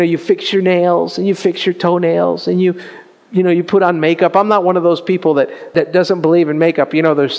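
A man preaching a sermon in an animated, conversational way, full of asides and questions to the congregation. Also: fairly high pitch, long reverb tail. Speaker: pastor.

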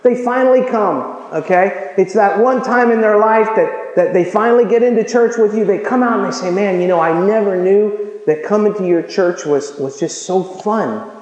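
A man preaching a sermon, lively and joking, acting out everyday conversations with put-on voices. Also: normal speed, few pauses. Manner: animated, acts out dialogue with funny voices. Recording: echoey hall, dull low-fi sound.

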